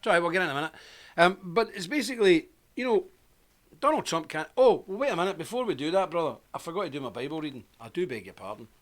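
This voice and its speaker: A man's voice: fairly high pitch, lively intonation, fast, fairly bright tone. A man hosting a live stream, telling a rambling anecdote and greeting viewers by name in a casual, chatty way.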